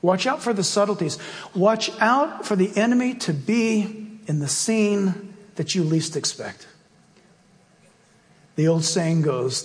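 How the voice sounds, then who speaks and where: A man's voice: sits high, animated, slow, pauses often. A male pastor preaching emphatically and praying fervently. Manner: emphatic, rising to fervent prayer. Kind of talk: sermon and prayer. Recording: long hall reverb, faint music.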